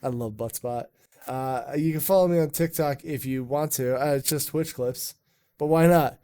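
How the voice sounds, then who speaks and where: A man's voice: mid-range voice, normal speed, warm tone, smooth. A man hosting a live stream chat in a rambling, jokey way, swearing often. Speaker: streamer and podcast host. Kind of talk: casual chat.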